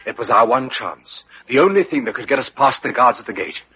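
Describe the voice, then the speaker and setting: An actor playing a calm, confident hero who tells of his escape in a vintage radio drama. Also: medium pitch, a little fast, muffled recording. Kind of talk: 1930s radio drama acting. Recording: scratchy noisy old radio recording.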